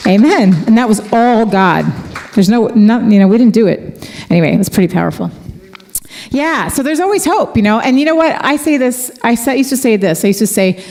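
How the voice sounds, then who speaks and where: A middle-aged woman worship leader telling a heartfelt story between songs at a church concert, chatty and quick to laugh. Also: on the high side, expressive, darkish tone. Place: church event space.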